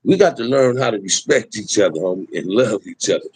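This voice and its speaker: Husky man preaching with street emphasis. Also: lowish voice, lively intonation, fairly quick, no echo, poor audio. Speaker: livestream host. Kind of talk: impassioned livestream talk.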